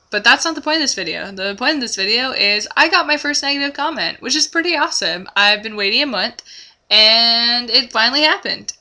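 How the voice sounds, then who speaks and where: A young woman chatting to camera in a vlog, telling a story in an animated way with lots of ums. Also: mid-range voice. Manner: animated storytelling, many fillers. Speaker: vlogger. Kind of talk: casual chat to camera.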